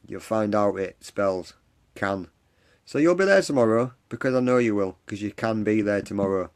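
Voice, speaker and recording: A man's voice: fairly low pitch, lively intonation, normal speed, clear, resonant tone. A man hosting a live stream, giving an earnest, repetitive pep talk and answering viewers' comments. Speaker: live stream host for a support group. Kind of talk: encouraging livestream talk. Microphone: phone or webcam on a live stream.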